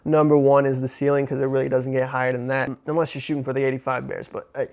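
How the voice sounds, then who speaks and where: A young man from Chicago giving casual, excitable football commentary as a sports vlogger, full of fillers and slang. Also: mid-range voice, fast talker. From Chicago, USA.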